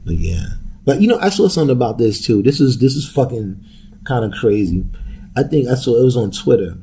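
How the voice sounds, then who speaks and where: Gravelly, profane young podcast host. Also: male voice, mid-range voice, sing-song, fairly quick, dark tone, a little hiss or hum. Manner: loose, profane, laughing, street slang. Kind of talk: casual profane rant.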